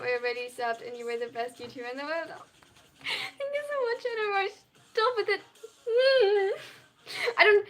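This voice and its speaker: Bright high young German-accented woman streamer. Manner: reads viewer questions aloud and answers them earnestly and openly. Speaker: live streamer. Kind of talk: live stream chat Q&A.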